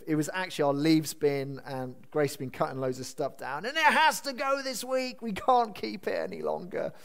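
A man's voice: high voice, clear, resonant tone. A man preaching a sermon as pastor, earnest, asking his congregation questions and repeating key phrases for emphasis. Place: church building.

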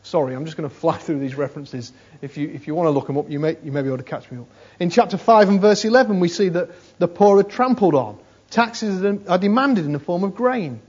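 This man preaches fast, barely pausing, in a high voice with lively intonation that's a little mellow and slightly rough. His conversational sermon repeats phrases for emphasis and is sprinkled with "you know." Sound quality is dull and lo-fi.

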